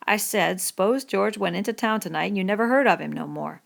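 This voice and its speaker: A woman reading the part of a bitter, lonely middle-aged male stable hand in a rough rural dialect, in an audiobook. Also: medium pitch, a little fast. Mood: needling.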